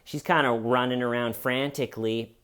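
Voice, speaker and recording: A man's voice: mid-range voice, fairly even intonation, normal speed, a bit bright, clear, resonant tone. A man giving casual comedic commentary with a wry, sarcastic delivery.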